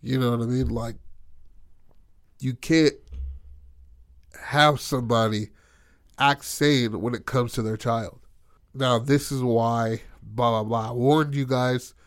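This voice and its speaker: A man in the middle of a loose, profane retelling of a game session, jumping into the characters' lines as he goes. His pitch sits at an ordinary middle height. The sound is dry and close, with no room echo. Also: steady tone, slow pace, pauses often. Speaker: storyteller recounting a tabletop game. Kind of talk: casual storytelling chat.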